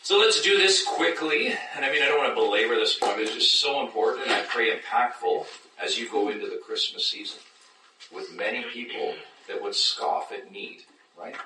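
A man preaching a sermon as pastor, animated, acting out doubters in high mocking voices. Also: moderate pace, background noise. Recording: echoey room, mic at a distance.

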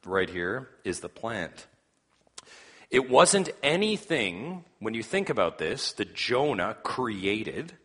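Bright-voiced male pastor preaching. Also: fairly low pitch, very animated, slow, breathy edge. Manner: earnest preaching, reading scripture aloud, rising for emphasis. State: coughing now and then. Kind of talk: sermon.

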